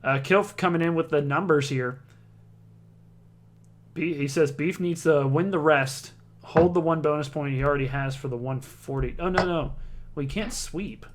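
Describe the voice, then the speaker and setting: A man's voice: fairly high pitch, moderate pace, slight background noise. A man giving casual play-by-play commentary on a darts league, chatty, reading out scores and viewer comments.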